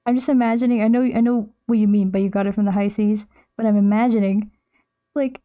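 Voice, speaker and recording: A woman's voice: on the high side, fairly even intonation, fast, mellow. Chatty, playful young woman streamer. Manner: chatty and playful, rambling with frequent restarts. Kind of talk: casual stream chat while drawing.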